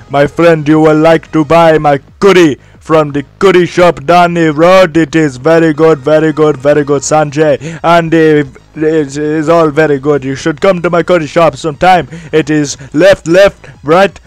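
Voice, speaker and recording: A man's voice: fairly high pitch, no room sound, pitched above the performer's own voice, close to an everyday voice, rough recording. A man voicing a chatty, pushy male shopkeeper with a repetitive, sing-song sales patter, recorded on a headset mic.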